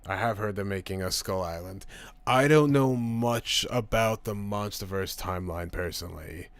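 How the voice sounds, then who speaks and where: A man's voice: on the low side, normal speed, dry recording. A young man casually reading live chat comments on his stream, rambling and swearing as he rants. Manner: profane, rambling, animated ranting.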